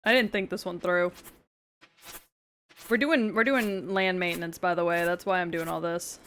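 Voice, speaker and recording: A woman's voice: lowish voice, steady tone, normal speed, fairly bright tone, slight background noise. A woman live streaming a video game, chatting casually with her viewers in a playful, teasing way. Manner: playful and teasing, talking to chat. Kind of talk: casual gaming stream chat.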